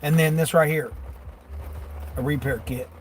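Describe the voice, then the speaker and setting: A man's voice: on the high side, fairly even intonation, a little slow, slight background noise. A delivery driver chatting casually on a live stream from inside his vehicle, rambling in a folksy way and chuckling often. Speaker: delivery driver livestreaming to chat.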